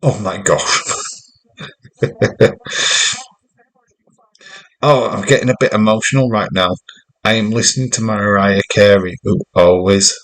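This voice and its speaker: A man's voice: fairly low pitch, steady tone, unhurried, pauses often, fairly bright tone, poor audio. Chatty man streaming a wrestling watch-along. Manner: chatty, rambling, jokey. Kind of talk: casual live watch-along commentary.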